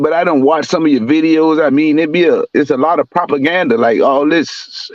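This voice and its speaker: A man's voice: on the high side, no room sound, dull audio. A man calling in from his parked car at night on a phone video call, speaking in a laid-back, hesitant, slangy way. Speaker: caller. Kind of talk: casual call-in chat.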